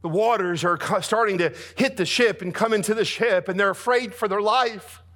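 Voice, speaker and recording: Fervent male preacher with a high-leaning voice. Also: normal speed. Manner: dramatic preaching that swings between soft and booming. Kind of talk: sermon.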